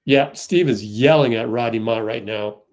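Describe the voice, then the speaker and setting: A man hosting a fan livestream, giving excitable live play-by-play and getting outraged at the referees. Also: mid-range voice, normal speed.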